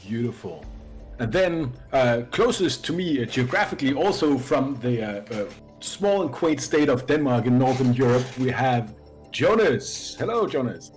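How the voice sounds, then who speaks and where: A man's voice: mid-range voice, big pitch swings, normal speed. A man hosts a tabletop game as its dungeon master. He narrates with drama and jokes with his players, and a faint music bed plays behind him. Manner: dramatic storytelling intro, playful banter. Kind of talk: hosting a tabletop game stream.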